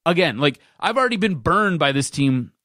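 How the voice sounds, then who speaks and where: A man's voice: fairly high pitch, big pitch swings, brisk, fairly bright tone, no room sound, clean studio sound. A man hosting a sports podcast, ranting in casual talk and repeating himself for emphasis.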